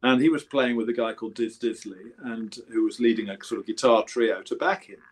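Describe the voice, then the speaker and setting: A man's voice: medium pitch, steady tone, a little fast, breathy edge, rough recording. A man in his seventies with an English accent, a guest musician telling rambling anecdotes and correcting himself as he goes. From England. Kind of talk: casual storytelling interview.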